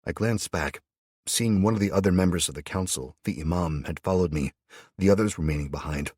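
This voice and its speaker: A man narrates a first-person audiobook in a low, husky voice, blunt and sardonic in tone. The sound is dry and close, with no room around it. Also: brisk, darkish tone, no echo.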